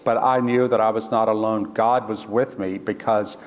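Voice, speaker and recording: A man's voice: fairly low pitch, steady tone. Earnest man telling a story in a church. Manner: earnest, halting, with restarts and quoted voices. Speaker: author telling a personal story. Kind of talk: storytelling talk. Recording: long church reverb.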